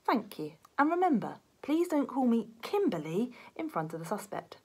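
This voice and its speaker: A timid, clumsy male detective with a high, whiny voice, as a woman reading a children's story puts him on. He frets and fusses, his pitch leaping about, with a breathy rasp underneath. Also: sing-song, normal speed, exaggerated voice. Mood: fussy. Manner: fretful, apologetic, easily flustered.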